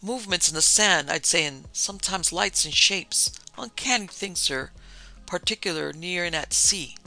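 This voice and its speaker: A man reading aloud puts on an old country boatman in a storybook tale. He speaks quietly and slowly in rustic, superstitious turns of phrase, and his voice is slightly high, gravelly and bright. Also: soft background music, full character voice, low-quality recording. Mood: uneasy.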